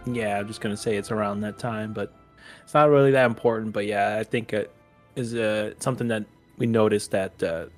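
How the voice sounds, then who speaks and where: A man co-hosting a podcast in casual chat, talking in a relaxed, hedging way. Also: on the low side, brisk, faint music behind. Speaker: podcast co-host.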